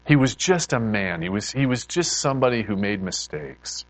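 A man preaching a sermon in a lively, conversational way, often restarting his sentences. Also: lowish voice, moderate pace, rough recording. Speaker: pastor.

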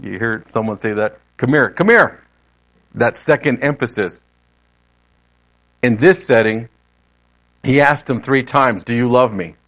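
Male preacher, mid-pitched voice, relaxed conversational sermon delivery. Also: a little slow, pauses often, rough recording. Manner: conversational, rephrasing as he goes.

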